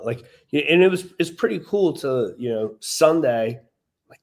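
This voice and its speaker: Speaking at normal speed in a mid-range voice, a man co-hosting a wrestling podcast tells loose, rambling stories full of fillers.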